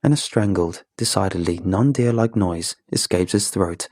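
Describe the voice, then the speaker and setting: A man giving a measured, grim first-person narration of a horror story. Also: deep voice, a little mellow, dry recording, studio quality. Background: background music.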